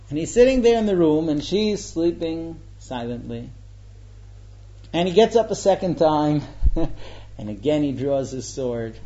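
A man's voice: on the high side, muffled recording. Man telling a lesson story. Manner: animated storytelling with dramatic quotes. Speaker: religious teacher.

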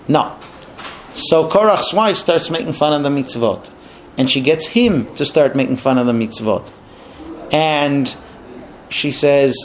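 A man giving a religious teaching, telling the story with animated, lively delivery. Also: on the high side, measured pace, slight background noise. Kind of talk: storytelling sermon.

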